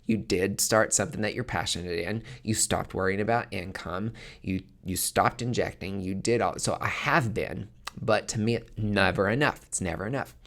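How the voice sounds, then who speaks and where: Low-voiced frank male podcaster. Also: normal speed, fairly bright tone. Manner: frank, casual, swears freely. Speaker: podcast host. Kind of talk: candid podcast monologue.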